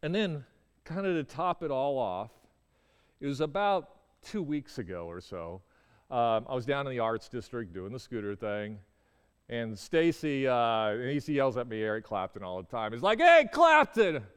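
A man telling a personal story in a halting way, with frequent stammered restarts. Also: mid-range voice, animated, smooth. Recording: long reverberant hall.

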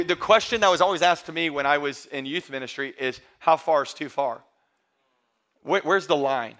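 A man in his thirties preaching a sermon as pastor, emphatic and building to loud peaks, mixing in humorous stories. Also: a little high. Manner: emphatic, rising to near-shouting peaks; storytelling with humor and quoted voices.

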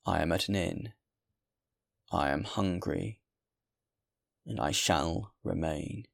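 A worn-out male traveller, stubborn and hungry, who speaks bluntly and keeps pressing his point. A man acts him out in a storybook reading, his voice low and gravelly. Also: a little slow, dry recording, studio quality. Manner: blunt, insistent.

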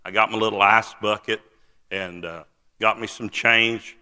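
An older man preaches a personal testimony in a sharp, very bright voice. He tells it earnestly, with frequent "uh" pauses. His words ring out with a long reverb through a big church hall. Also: fairly low pitch, steady tone, clean tone. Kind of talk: testimony sermon. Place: large church sanctuary.

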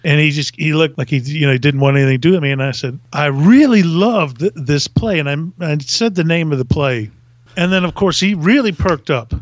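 Comic storyteller, man from Virginia, high voice, laughs a lot, dull dry lo-fi recording. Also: fairly quick, dry recording. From Virginia, USA. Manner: animated, laughs through his stories. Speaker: podcast guest.

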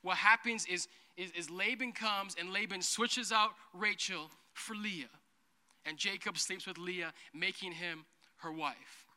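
A man preaching a humorous sermon as a pastor, playful and jokey, acting out characters in quick asides. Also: high-pitched, sharp tone. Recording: long hall reverb.

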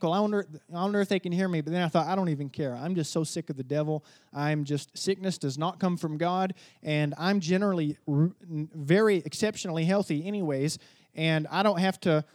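Male pastor, high voice, dry close sound, casual storyteller with loud emphatic peaks. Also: no room sound. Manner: storytelling preacher, swings from hushed asides to loud emphatic declarations. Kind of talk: sermon.

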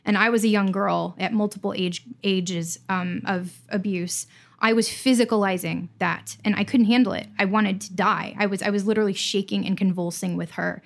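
A woman speaking as a podcast guest, earnest and intense, often rushing her words in bursts. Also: mid-range voice, fairly even intonation, gravelly. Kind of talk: candid podcast conversation.

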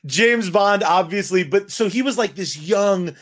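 A man with a notably high voice chats loosely on a podcast, crude and quick to laugh. He talks over a remote call. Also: fairly bright tone. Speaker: podcast co-host. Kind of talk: casual chat. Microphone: remote call mic.

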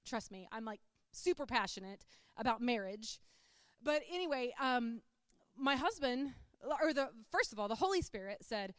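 A middle-aged woman giving a chatty, animated sermon-style testimony, full of "like". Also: a little high, normal speed, smooth, no echo, studio quality.

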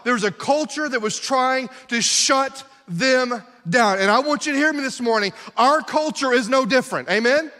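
A man's voice: very high-pitched, normal speed, few pauses, pushed and bright. A middle-aged male pastor preaching a sermon in a church, emphatic and full of rhetorical questions to the congregation. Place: church sanctuary. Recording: long hall reverb.

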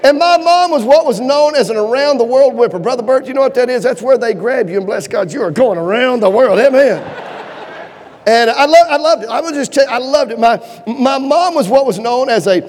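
A man preaching a humorous sermon in a church auditorium, folksy and animated, asking the crowd for amens and shows of hands. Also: very high voice, brisk. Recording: long reverb of a large hall.

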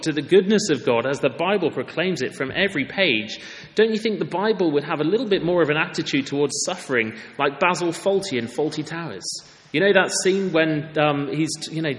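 A male preacher delivering a sermon in an earnest, conversational way, leaning hard on key words. His voice sits a little high for a man, and a long church-hall echo trails behind it. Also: a bit bright.

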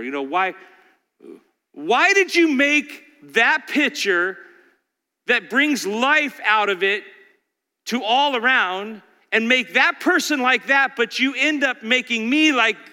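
A man preaching a sermon with animated rhetorical questions, sometimes acting out voices. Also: sits high, in a large hall. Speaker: pastor.

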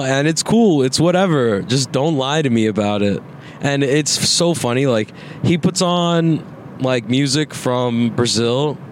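A young man in his twenties hosting a casual podcast while riding in a car, rambling, swearing and laughing as he talks. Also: medium pitch. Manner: rambling, profane, laughs often. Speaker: podcast host. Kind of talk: casual chat. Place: inside a moving car. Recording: faint road noise in a car.

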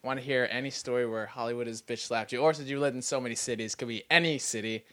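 A man's voice: mid-range voice, fairly even intonation, fast talker, fairly bright tone. A man hosting a casual podcast interview, laughing along and asking follow-up questions. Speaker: podcast host.

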